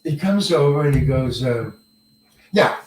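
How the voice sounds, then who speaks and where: Older actor telling stories, echoey distant mic. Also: male voice, medium pitch, unhurried, a little hiss or hum. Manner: animated, acts out quoted lines, swears casually. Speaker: actor guest. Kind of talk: storytelling interview. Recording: echoey room, mic far off.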